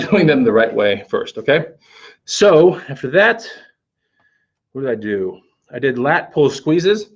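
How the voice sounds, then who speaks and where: A man demonstrating a workout in a gym in a casual, conversational way, often checking in with "okay?". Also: a little high. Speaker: fitness instructor. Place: gym, indoors. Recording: echoey gym from far off, dull.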